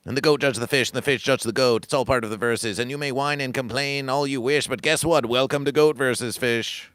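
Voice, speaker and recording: Bright-toned man preaching comic nonsense. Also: mid-range voice, steady tone, brisk. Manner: grandiose, repetitive, preacher-like cadence. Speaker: livestream host. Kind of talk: rambling comic livestream monologue.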